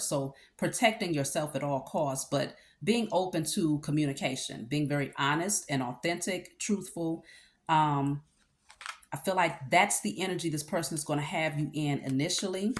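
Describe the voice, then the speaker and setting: A woman's voice: sits low, normal speed. A woman giving a casual tarot reading, talking conversationally with check-ins and fillers. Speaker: tarot reader.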